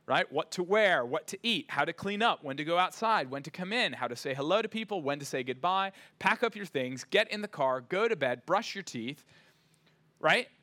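A man delivering a sermon from the pulpit with a bright, forceful tone and a slightly raised pitch. He preaches earnestly and with emphasis, stacking up points and checking in with the congregation. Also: lively intonation, moderate pace. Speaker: pastor.

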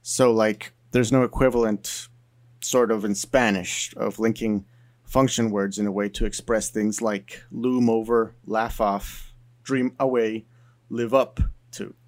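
A man's voice: lowish voice, steady tone, measured pace, dry recording. A man talking through an explanation about languages in a chatty way, full of fillers like "you know" and "like". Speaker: video essayist on languages. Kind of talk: casual explainer monologue.

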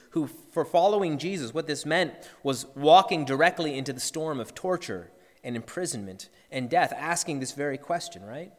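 A man's voice: on the high side, long reverb tail. A man, a pastor, preaching an earnest sermon and acting out the disciples' cries.

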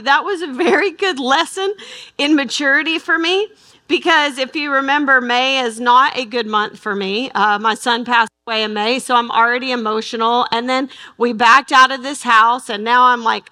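Middle-aged female Bible teacher, high and bright, chatty storyteller who acts out conversations. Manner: chatty and animated, acting out dialogue. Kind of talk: personal story to a live Bible study. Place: in front of an audience.

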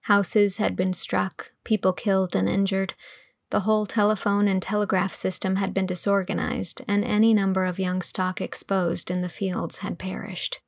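A woman's voice: mid-range voice, level tone, dry recording, studio quality. Woman narrating an audiobook. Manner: clear, measured storytelling. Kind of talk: scripted narration.

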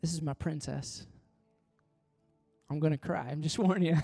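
Male pastor, middle-aged, impassioned sermon delivery, loud and soft by turns, dry mic. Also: on the high side, steady tone, normal speed, vocal fry, husky, no room sound, faint music behind. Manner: impassioned, swings from loud pleading to soft tender asides.

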